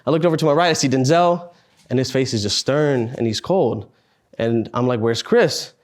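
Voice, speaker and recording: A man in his twenties, speaking at a student meetup, telling a personal story in an earnest, halting way with sighs and pauses. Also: mid-range voice, a little mellow. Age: 20s.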